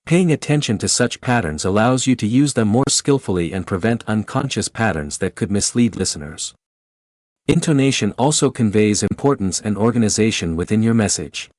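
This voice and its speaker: Measured low-voiced male narrator. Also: lively intonation, a little mellow, no echo, clean studio sound. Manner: measured, instructive. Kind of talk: scripted narration.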